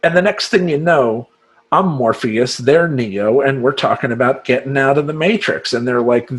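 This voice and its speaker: A man's voice: medium pitch, normal speed. A man speaking as a life coach in a casual monologue to camera, rambling and profane, laughing often and slipping into mock voices.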